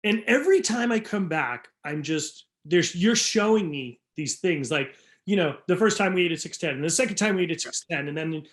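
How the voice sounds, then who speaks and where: A man hosting a casual podcast conversation. His voice sits a little higher than usual for a man. He reminisces in loose, easygoing sentences. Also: animated, normal speed, hardly any pauses. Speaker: chef, podcast host.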